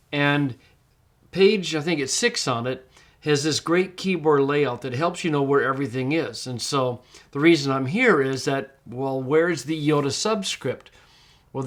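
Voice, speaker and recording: A middle-aged man narrating a screencast lesson at his computer, with a voice at an ordinary middle pitch. He talks his students through each step patiently and slows down whenever he models how a word sounds. It has the plain, close sound of a desk mic. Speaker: Greek teacher.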